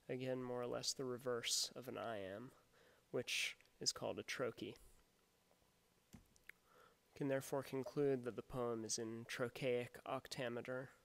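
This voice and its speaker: A man teaching poetic meter in a steady explanatory way, sometimes reading verse aloud with exaggerated stresses. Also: medium pitch, creaky. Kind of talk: recorded lecture on poetic meter.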